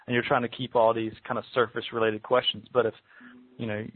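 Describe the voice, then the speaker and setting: A man's voice: mid-range voice, little pitch movement, quick pace, no echo, phone-quality sound. A man hosting a podcast interview, thinking aloud hesitantly and repeating words. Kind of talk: interview conversation.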